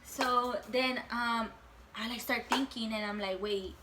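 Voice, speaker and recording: A woman's voice: on the high side, fairly even intonation, a little slow, background noise. A woman in her late teens telling a casual storytime at home, chatty and full of fillers, swearing freely. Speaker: vlogger.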